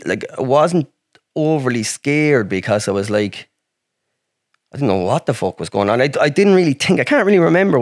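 A man's voice: fairly high pitch, no echo, studio quality. An Irish man telling a long personal story as a podcast guest, rambling and swearing freely. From Ireland. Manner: rambling, heavy swearing, frequent restarts. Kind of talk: casual storytelling.

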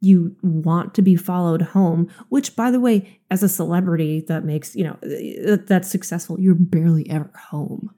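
A woman's voice: on the low side, normal speed, few pauses, mellow. A woman in her thirties with a slight lisp, co-hosting a casual podcast and talking bluntly with lots of swearing and filler words. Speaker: podcast co-host. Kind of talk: casual chat.

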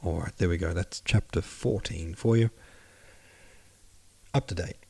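A man's voice: sits low, unhurried, vocal fry, a little mellow, breathy edge. A man narrating a classic novel aloud on his podcast, plainly and evenly, stopping to correct his own slips. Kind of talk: audiobook narration.

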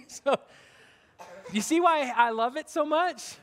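A high-pitched man preaches a sermon in plain, everyday words. He circles back on his phrases and restarts often. His voice rings out with the long reverb of a large hall. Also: slow, pauses often. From United States. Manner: casual, repetitive preaching with restarts. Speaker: pastor.

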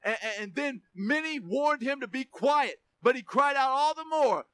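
Male pastor, very high bright voice, emphatic preaching, repeats words, calls for amens. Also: very animated, a little fast, hardly any pauses, dry recording. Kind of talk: sermon.

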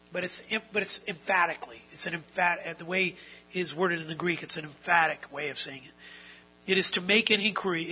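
A pastor delivering an earnest sermon in a high, piercingly bright voice. He poses rhetorical questions to the congregation and climbs into loud, forceful passages. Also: a little hiss or hum, rough recording. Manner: earnest preaching, rising to loud emphatic stretches; asks the audience rhetorical questions. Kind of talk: expository sermon.

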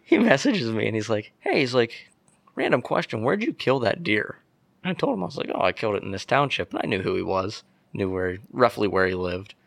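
Young male guest, gravelly low voice, dry close sound, animated storyteller from Pennsylvania. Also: fairly quick, no room sound. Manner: animated storyteller, acts out quotes. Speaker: podcast guest. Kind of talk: casual storytelling.

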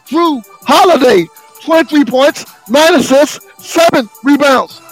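A man, the show's sports segment host, reading basketball scores and stats in a slow, sing-song way with sudden shouted bursts. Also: extremely high pitch, faint music behind, rough recording.

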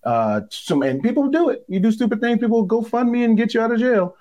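A man's voice: very high voice, lively intonation, brisk, mellow, dull audio. A man who is a former ballplayer, talking in an emphatic, blunt way, swearing freely in casual sports talk.

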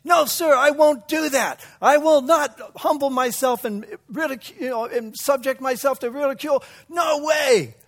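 A man voicing a proud, hot-headed young prince who pleads eagerly and then shouts in indignation. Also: extremely high pitch, takes it slowly, few pauses, pitched above the performer's own voice, exaggerated voice. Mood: indignant. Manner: indignant, pleading, loud outbursts.

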